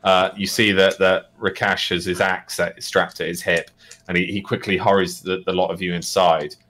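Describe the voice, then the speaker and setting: Game master narrator, male, lowish, loose and rambling. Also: flat delivery, moderate pace, a bit bright. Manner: rambling, filler-heavy, laughs often.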